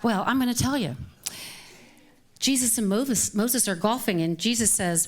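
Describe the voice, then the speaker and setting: A woman's voice: medium pitch, animated, normal speed. A woman minister giving a casual live sermon, chatty and light, often laughing between phrases. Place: live service at a spiritual center.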